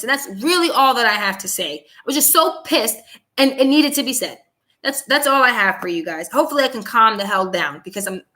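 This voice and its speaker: A woman's voice: a little high, bright, forceful tone. A young woman hosting her own commentary show, delivering a heated, blunt monologue and repeating herself for emphasis. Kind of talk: angry political commentary monologue.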